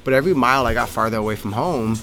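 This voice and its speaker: A man's voice: medium pitch, racing, a bit bright. A young man, a coach, co-hosting a casual motivational podcast in a gym, fervent and swearing freely, repeating words when worked up.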